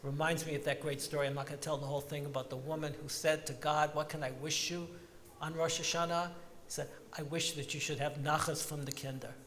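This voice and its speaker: A man giving a reflective talk to his congregation in a synagogue, slowing down to stress sung phrases. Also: on the high side, little pitch movement, a bit bright, big-room sound. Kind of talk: sermon-like reflection. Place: large synagogue sanctuary.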